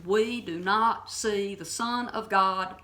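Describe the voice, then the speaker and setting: A woman teaching the Bible in an informal, impassioned way, her voice bright and forceful. She speaks bluntly, leans hard on her points, and keeps asking "okay?" to make sure her listeners follow. Her pitch sits in an ordinary middle range. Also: slow pace.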